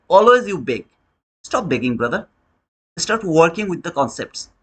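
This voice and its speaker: Bright high-voiced man lecturing. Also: slightly rough. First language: Bengali. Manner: preachy, repetitive, calls listener brother. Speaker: trading educator. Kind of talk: motivational lecture.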